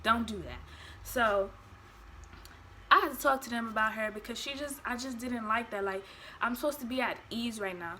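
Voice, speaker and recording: A woman's voice: a little high, moderate pace, pauses often, sharp tone, slight background noise. A young woman telling a personal story in a casual vlog, acting out quotes and swearing freely. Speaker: vlogger.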